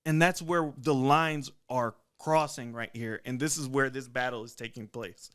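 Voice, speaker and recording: A man co-hosting a podcast, cutting in to steer a heated debate and explaining his view in a measured way. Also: mid-range voice, fairly bright tone, smooth. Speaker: podcast co-host. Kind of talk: debate moderating.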